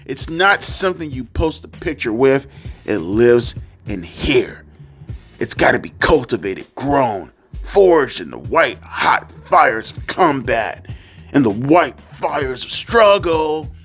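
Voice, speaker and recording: A man reading a grandiose male wrestler's speech aloud in a mocking, overblown way that builds to shouts. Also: mid-range voice, very animated, takes it slowly, heavily acted. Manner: mock-dramatic, rising to shouts.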